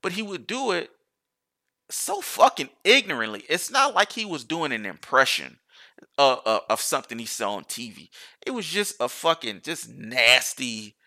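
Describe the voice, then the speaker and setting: Man, casual solo rant, bright tone, profane, rambling restarts. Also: medium pitch, very animated, moderate pace. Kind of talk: casual monologue.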